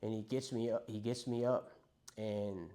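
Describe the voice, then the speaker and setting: A man's voice: lowish voice, fairly even intonation, measured pace, mellow. A young man candidly telling his story of addiction and loss to a recovery group, speaking in a conversational, profane way.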